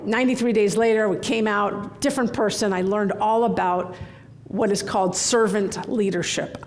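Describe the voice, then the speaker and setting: A middle-aged woman giving a conference keynote from the stage, telling candid stories in an animated way. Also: mid-range voice, slight background noise. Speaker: keynote speaker. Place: large conference hall.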